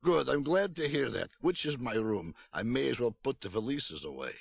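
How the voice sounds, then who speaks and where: Man reading as a blunt, unruffled old man of over a hundred with a foreign accent; gravelly and matter-of-fact. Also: mid-range voice, expressive, moderate pace, no room sound. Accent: unnamed foreign accent. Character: very old male relative with an old-country accent.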